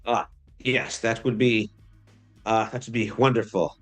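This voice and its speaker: A man's voice: fairly low pitch, fairly even intonation, measured pace, soft background music. Man doing a formal German-accented inventor. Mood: earnest. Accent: German, put on. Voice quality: formal, effusive, earnest. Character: grateful German inventor father, middle-aged man.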